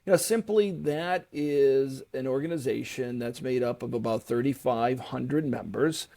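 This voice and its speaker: Middle-aged guy guest, gravelly voice, friendly, jokes about himself. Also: medium pitch, a little slow, warm tone. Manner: friendly, self-deprecating. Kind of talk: casual interview chat.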